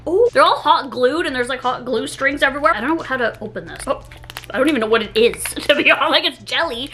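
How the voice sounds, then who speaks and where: A young woman doing a casual food taste-test vlog, gasping and rambling excitedly with lots of "like.". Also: high voice, quick pace, background noise. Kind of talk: casual food review chat.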